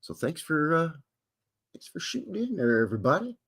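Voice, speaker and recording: A man's voice: a little high, sing-song, fairly quick, a bit bright, husky. A Canadian man hosting a live stream in a folksy, jokey way, greeting chatters by name. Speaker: livestream host. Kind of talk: casual live-stream chat.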